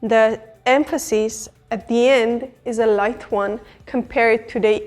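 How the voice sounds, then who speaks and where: A woman who teaches her language, explaining pronunciation tips patiently and slowing down to model words. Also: a little high, steady tone, darkish tone, soft background music.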